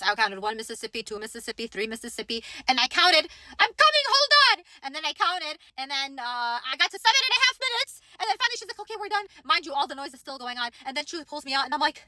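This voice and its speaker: A young woman chats straight to camera, retelling an experience with lively, theatrical asides. Her voice sits high and sounds crisp and bright, and the sound is close and dry with no room around it. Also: no room sound. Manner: animated, dramatic retelling with quoted inner voice. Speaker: vlogger. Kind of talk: casual storytelling to camera.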